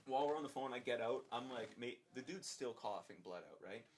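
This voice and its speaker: Young adult male guest, casual storytelling, animated and profane, acts out dialogue. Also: mid-range voice, brisk. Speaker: podcast guest.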